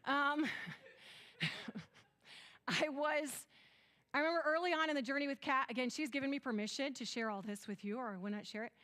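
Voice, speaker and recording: A woman's voice: sits high, steady tone, normal speed, long pauses, sharp tone. A woman with a West Michigan accent giving a conference talk, earnest and storytelling, acting out bits of dialogue as she goes. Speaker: conference speaker.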